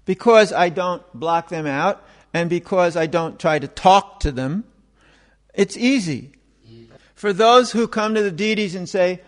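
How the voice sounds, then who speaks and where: High-voiced man musing on spirituality, reverberant. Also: normal speed. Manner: conversational, acts out quoted voices, rising in exasperation. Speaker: spiritual teacher. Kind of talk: informal spiritual talk.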